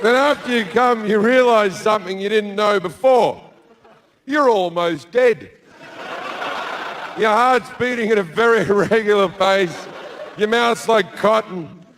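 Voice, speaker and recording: A man doing crude, deadpan stand-up storytelling on stage with a handheld mic. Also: high voice, unhurried, a crowd in the background. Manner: crude, deadpan storytelling with sudden loud bursts. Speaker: stand-up comedian. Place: stage before a live audience.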